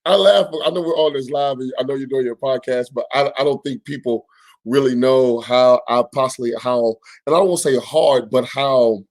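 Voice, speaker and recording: Measured male apostle, mid-pitched voice. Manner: measured, deliberate, asks "you get what I'm saying?". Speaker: apostle, guest. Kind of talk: casual faith talk.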